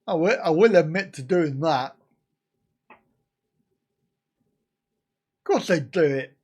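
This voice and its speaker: A man's voice: a little high, expressive, takes it slowly, darkish tone, slightly rough. A man in his fifties from the UK, hosting a casual live stream and bantering crudely with his viewers. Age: 50s.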